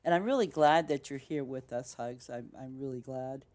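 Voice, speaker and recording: A woman's voice: rumbling low, normal speed, a little mellow. A woman game streamer chatting casually with her viewers as she signs off, rambling with lots of fillers and restarts. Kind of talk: casual stream sign-off chat.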